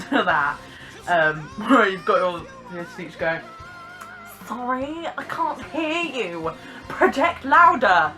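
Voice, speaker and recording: A young woman with a posh English accent and a bright, clear voice. She talks in a lively, theatre-trained way, enunciating crisply as she gives casual commentary. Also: lowish voice. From Britain. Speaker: vlogger.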